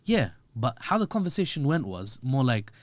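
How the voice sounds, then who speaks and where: A man, a podcast guest giving animated, joking analysis with quick asides. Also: medium pitch, no echo. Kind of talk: podcast discussion.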